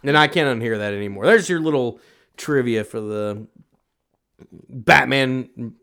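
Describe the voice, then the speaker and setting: A man's voice: medium pitch, measured pace, gravelly, a bit bright. A man from the United States co-hosting a podcast, talking through a movie in a casual, emphatic and opinionated way. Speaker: podcast co-host. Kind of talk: casual movie review chat.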